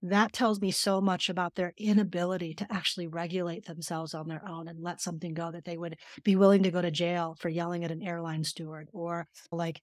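A woman's voice: fairly low pitch, little pitch movement, fairly quick, hardly any pauses, dry recording, clean studio sound. A middle-aged woman therapist speaking earnestly and emphatically as a podcast guest, telling stories and explaining. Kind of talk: conversational podcast interview.

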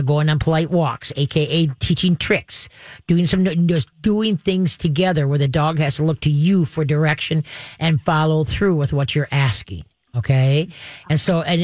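A woman hosts a call-in advice show as a dog trainer, talking in a chatty, emphatic way and laughing between her points. She often checks in with her listener. The voice sounds close and dry, with no room echo. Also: low-pitched. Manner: laughs often while explaining. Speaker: dog trainer and radio host.

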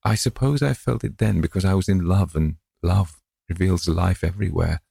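A man with a low, creaky voice playing a dreamy, tender old gentleman who muses aloud. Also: normal speed, no room sound, studio quality, exaggerated voice. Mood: musing. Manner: wistful, musing aloud.

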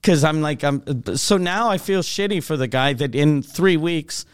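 A man tells a profane, animated story in a casual studio chat. His voice sits a little high. The sound is close and dry. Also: moderate pace, clean tone, no room sound. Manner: profane, animated anecdote with quoted outbursts.

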